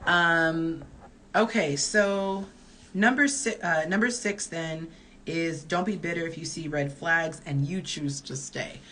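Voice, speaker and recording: A woman in her early forties with a low voice and a sharp tone speaks slowly. She's a dating coach hosting a chatty live-stream Q&A, reading viewer comments aloud and offering candid advice.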